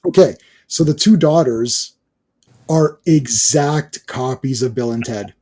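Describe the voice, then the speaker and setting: A man co-hosting a casual podcast chat about cartoons and movies, excitable and rambling. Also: mid-range voice, takes it slowly, husky. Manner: excitable, rambling, jumps between topics. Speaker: podcast co-host.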